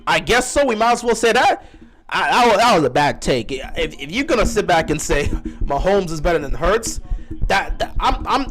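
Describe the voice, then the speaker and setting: A high-pitched young man hosts a live football reaction stream. He argues with his chat and keeps repeating his point, sounding worked up and exasperated. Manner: animated, exasperated, repetitive arguing. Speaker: livestream host.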